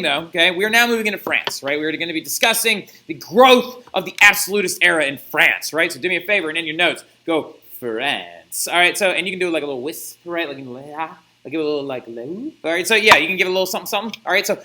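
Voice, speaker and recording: A young man teaching a recorded history lesson in a chatty, animated way, with jokey asides. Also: high voice, slight background noise. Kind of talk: recorded classroom lecture.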